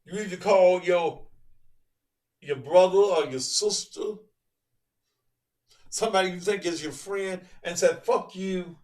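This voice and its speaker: A middle-aged man preaches in a fiery, profane monologue. He drifts between slow, quiet reflection and shouted outbursts. His voice sits high and unhurried, picked up from a little way off the mic. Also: distant mic. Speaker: preacher and online show host.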